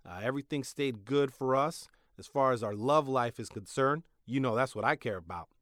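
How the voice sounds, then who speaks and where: Young male podcast host, mid-pitched, dry close sound, wry comic delivery with sudden loud bursts. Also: normal speed, no room sound. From Mexican-American. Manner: sarcastic, joking, swings from loud to mumbled asides. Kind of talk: comedic monologue.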